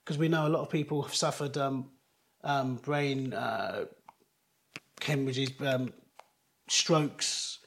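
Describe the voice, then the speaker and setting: A middle-aged man, a guest in an interview, telling a personal story in an earnest, halting way with many restarts. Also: medium pitch, gravelly, a little hiss or hum.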